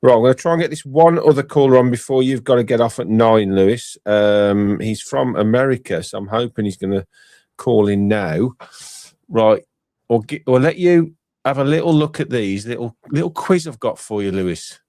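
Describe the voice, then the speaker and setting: Middle-aged English phone-in host, teasing and chatty, dry close mic. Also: male voice, medium pitch, moderate pace, mellow, no echo. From England. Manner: chatty, teasing, repeats words. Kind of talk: casual radio phone-in chat.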